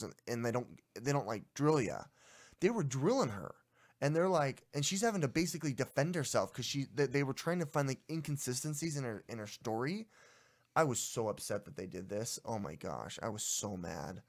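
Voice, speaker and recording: A young adult man co-hosting a casual podcast, telling a story in an exasperated, ranting way. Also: mid-range voice. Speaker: podcast co-host.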